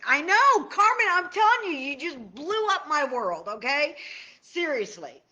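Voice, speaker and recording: A woman tapping coach teaching on a live stream, bubbly and excitable, chatting with viewers by name. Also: high voice, normal speed.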